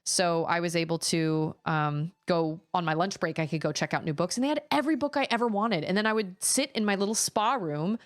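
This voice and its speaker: A woman's voice: fairly low pitch, brisk, few pauses. A woman streamer chatting casually and rambling about the books she loves. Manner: chatty, rambling, animated when telling stories. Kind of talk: casual chat.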